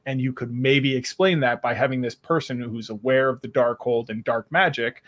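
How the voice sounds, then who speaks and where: A man's voice: mid-range voice, fairly even intonation, moderate pace, a bit bright. Rambling man in casual podcast chat. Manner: long-winded, rambling analysis with profanity. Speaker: podcast co-host.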